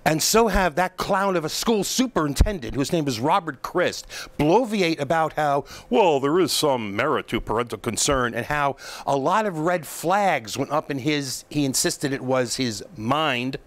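A man with a slightly high voice delivers a political commentary monologue as the show's host. He is emphatic and scornful, piling mockery on the people he criticizes. He often pauses and restarts his sentences. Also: animated.

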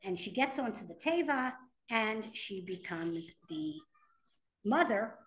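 Animated woman teaching a text class. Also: mid-range voice, takes it slowly. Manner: animated, reads Hebrew text then translates. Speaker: Torah teacher. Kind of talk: classroom lecture on sources. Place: classroom with students.

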